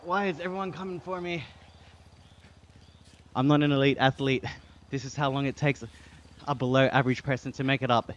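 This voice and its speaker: Australian streamer chatting on a bike. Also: male voice, medium pitch, fairly even intonation, fairly quick, pauses often, dull audio. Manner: reads chat aloud and thanks viewers, breathy from exertion. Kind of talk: casual live-stream chat while cycling.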